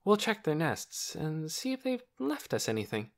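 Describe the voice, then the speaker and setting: Man doing a tired middle-aged lady doctor, gentle, a bit higher than his own voice. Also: huge pitch swings, normal speed. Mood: weary. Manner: weary, gentle. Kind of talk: audiobook character voice.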